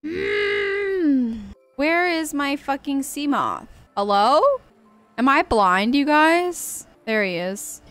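Excitable young woman gaming streamer. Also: sits high, takes it slowly, soft background music. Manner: excitable, swears, shrieks when startled. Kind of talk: live game commentary.

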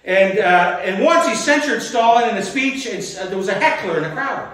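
Older pastor in an echoey church. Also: male voice, high voice, animated, normal speed, a bit bright. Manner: folksy, rambling, with chuckles and restarts. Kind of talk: sermon. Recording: echoey church hall, mic at a distance.

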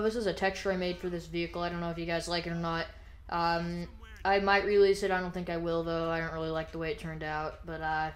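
A woman casually narrating her gameplay as a role-played police officer, chatting loosely and sometimes barking commands at suspects. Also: lowish voice.

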